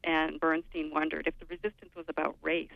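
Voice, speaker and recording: A woman's voice: low-pitched, little pitch movement, fairly quick, gravelly, no echo. An older woman, a radio show guest, explaining at length in a thoughtful, lecturing way. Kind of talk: radio interview. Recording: phone line, lo-fi.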